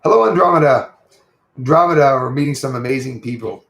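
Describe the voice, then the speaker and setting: A man with a Quebec French accent hosts a casual livestream from home, greeting his viewers by name in a rambling, friendly way. His voice sits at an ordinary pitch with a gravelly, fry-edged texture. The room around him rings with a noticeable echo. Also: fairly quick, a bit bright. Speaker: livestream host.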